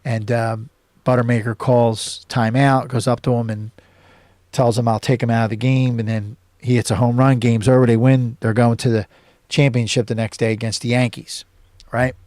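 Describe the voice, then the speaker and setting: A man talks through a film he loves in a loose, casual way. He rambles, backs up and corrects himself, with plenty of fillers along the way. His voice sits at an ordinary pitch and sounds dry and close to the mic. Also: level tone, moderate pace, darkish tone, dry recording. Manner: rambling recap with many fillers and self-corrections. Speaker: host.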